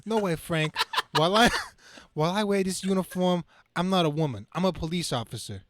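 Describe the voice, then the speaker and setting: A man's voice: high-pitched, brisk, a bit bright, dry recording, studio quality. A man voicing a stern, by-the-book female police officer who brushes off a colleague, in a comedic dramatic reading of a comic. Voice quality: prim, brushing off flirting.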